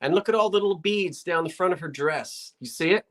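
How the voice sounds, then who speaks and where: A woman's voice: lowish voice, brisk. A woman hosting a live online sale, describing an item in casual, rambling chat full of asides.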